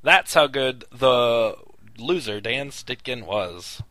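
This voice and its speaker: A man's voice: medium pitch, expressive, slow, sharp tone, dry recording. A man hosting a casual sports podcast, making wry, sarcastic asides. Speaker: podcast host.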